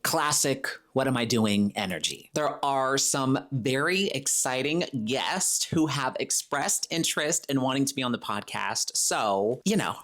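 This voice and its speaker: A man's voice: medium pitch, fairly bright tone. Male solo podcast host, casual chatty delivery, playful, drops into comic impressions. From Florida. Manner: chatty, playful, slips into comic voices for quotes.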